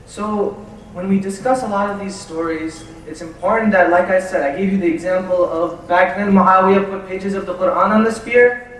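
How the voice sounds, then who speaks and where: A man delivers a lecture in a large hall, his fairly high voice carrying through heavy reverb. He tells stories with lively, acted-out dialogue, heard from some distance away from the microphone. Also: moderate pace, slight background noise. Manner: animated storyteller acting out quoted dialogue. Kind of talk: religious lecture storytelling. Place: large hall at a community center. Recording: echoey hall, mic from a distance.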